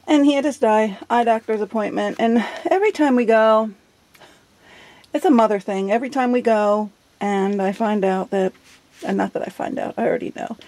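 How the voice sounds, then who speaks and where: A woman's voice: a little high, mellow, no room sound. A middle-aged woman chatting casually while flipping through her journal, giggly and self-deprecating. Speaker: journal vlogger. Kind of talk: casual show-and-tell chat.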